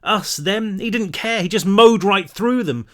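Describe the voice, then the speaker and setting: A man voicing a gruff, scarred soldier in a storybook reading, halting and apologetic. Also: sits high, pitched above the performer's own voice. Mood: remorseful.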